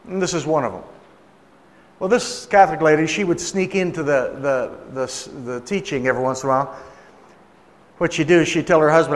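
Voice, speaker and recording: A man preaches a sermon and tells it as a story, chatting with his listeners and acting out the people in it. His voice sits a little high. A long reverb from the hall trails after each phrase. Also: a little fast. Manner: conversational, acts out quoted voices.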